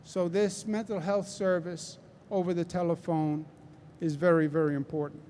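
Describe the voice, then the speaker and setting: A man's voice: sits high, level tone, moderate pace, a little mellow, slight background noise. A man with a Queens New York accent giving a public press briefing, emphatic and repeating key phrases for stress. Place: large indoor hall.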